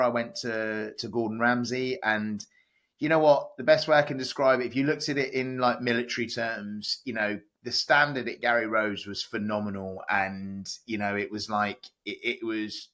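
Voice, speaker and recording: A chatty man tells stories as a podcast guest, his voice bright and forceful. He talks loosely, full of fillers and restarts. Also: lowish voice. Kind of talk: casual podcast interview.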